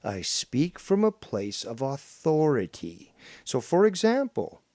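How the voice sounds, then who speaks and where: A man's voice: medium pitch, wildly swooping pitch, slow, darkish tone. A man from Canada hosting a heated panel argument, smug and profane as he lectures the others. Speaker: show host.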